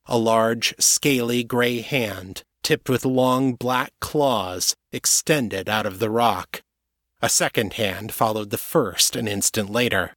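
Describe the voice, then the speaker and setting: A man narrating an audiobook chapter in a steady, even storytelling manner. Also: on the low side, slow, dry recording, clean studio sound.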